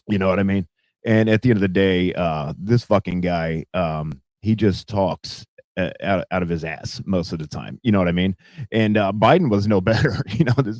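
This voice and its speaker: A man rambles through casual news commentary with plenty of fillers and cursing. His voice is low and mellow. The recording is dry and close. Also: dry recording. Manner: profane, rambling, heavy fillers. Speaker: podcast host.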